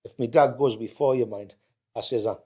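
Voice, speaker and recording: A man's voice: mid-range voice, fairly quick, warm tone, slightly rough. Durham fella in his 50s, chatty storyteller, north east accent, keeps restarting words. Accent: County Durham, North East English. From County Durham, England. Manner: anecdotal, repeats words as he restarts, mimics others in quotes. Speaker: podcast guest, family business owner. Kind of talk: storytelling in casual chat.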